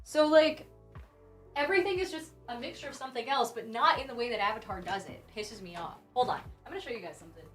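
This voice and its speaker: A young woman live streaming from her phone, chatting casually with viewers in a rambling, animated way and swearing freely. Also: a little high, fast, faint music behind. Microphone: phone mic.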